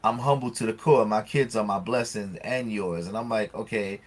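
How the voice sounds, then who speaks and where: A podcast co-host with a fairly low voice and moderate pace animatedly retells an argument in casual chat. He swears plenty and acts out both sides.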